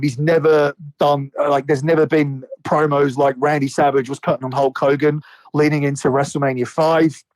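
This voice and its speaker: A man's voice: on the high side, darkish tone, dry recording, poor audio. A man in casual podcast chat about wrestling, rambling and swearing a lot with many restarts. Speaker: podcast co-host.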